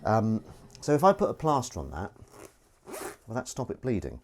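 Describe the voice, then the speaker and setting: A low-pitched man chatters away in a home kitchen while he washes dishes on a live stream. His delivery is lively and swoops all over, full of jokey, self-mocking asides. A faint hiss sits under the voice. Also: moderate pace, long pauses. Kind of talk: casual rambling live-stream chat.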